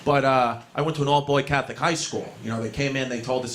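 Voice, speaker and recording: A man's voice: medium pitch, steady tone, fast. A male stand-up comedian in his thirties with a New York accent, telling a brash, profane, self-mocking story in a rambling rush. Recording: comedy club set with audience noise.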